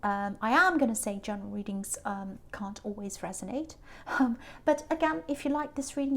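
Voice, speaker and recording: A woman's voice: mid-range voice, lively intonation, normal speed, fairly bright tone. A woman reading tarot cards to camera as the channel's host, earnest and emphatic, often repeating words for stress. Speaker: tarot reader.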